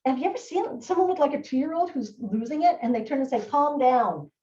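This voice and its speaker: A fast-talking woman with a high pitch and mellow tone gives a recorded live training talk on child behavior in a presentation room. Lively and full of swooping inflection, she acts out what kids and adults say. The room echoes, the mic is distant, and the sound is dull.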